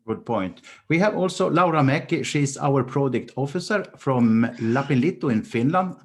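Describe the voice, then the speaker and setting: A man moderating a webinar question session, hesitant with frequent pauses and fillers. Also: mid-range voice, animated. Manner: hesitant, with frequent ums and uhs.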